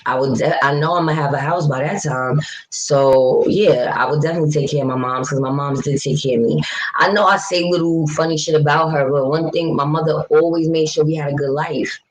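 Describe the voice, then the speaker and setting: A woman's voice: deep voice, rough recording. Blunt, profane New woman ranting. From New York City. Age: adult mother of young children. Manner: fast, animated rants. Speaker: vlogger. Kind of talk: casual livestream chat reading comments.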